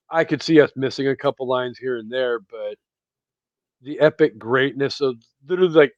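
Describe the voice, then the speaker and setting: A man hosting a movie podcast in casual chat, excitable and swearing freely. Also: medium pitch, dry recording. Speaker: podcast host. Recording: dry, dull lo-fi sound.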